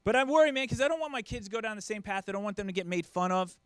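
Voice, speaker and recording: A man's voice: high-pitched, very fast, clear, resonant tone, no room sound. A middle-aged man from the United States doing a stand-up comedy set, acting out his family in quoted voices. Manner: animated, acts out family members in quoted voices.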